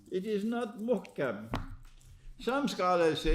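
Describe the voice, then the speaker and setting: A man giving an animated religious lecture as an Islamic lecturer. He poses rhetorical questions and prods his listeners with "huh?". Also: on the high side, very slow, gravelly, pauses often.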